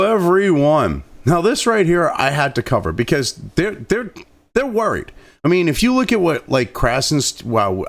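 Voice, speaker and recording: Guy with a high voice that swings all over, ranting and cussing sarcastically. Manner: crude, sarcastic, heavy swearing. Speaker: host of a political commentary channel. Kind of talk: profane political rant.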